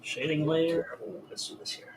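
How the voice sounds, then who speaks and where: A man's voice: a little high, fairly even intonation, normal speed, noisy background. A man who is a guest artist on a live drawing stream, talking casually and muttering to himself as he works. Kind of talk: casual chat while drawing.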